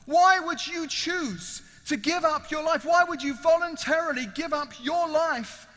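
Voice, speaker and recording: A man's voice: extremely high pitch, measured pace, bright, forceful tone, voice pushed up, heavily acted. A man voicing a stunned, freed prisoner who pleads urgently in a raised voice. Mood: pleading. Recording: echoey large hall.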